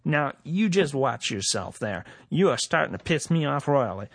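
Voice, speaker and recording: A man voicing a pompous male government official who serves fines, with a slow, patronizing drawl in a comedy sketch. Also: medium pitch, sing-song, gravelly, husky, no room sound, studio quality, exaggerated voice. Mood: indignant.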